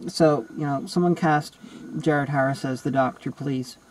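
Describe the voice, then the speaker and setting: A man's voice: a little high, steady tone, unhurried, rough recording. A man in a casual film review chat, rambling and digressive, full of "you know" and "like".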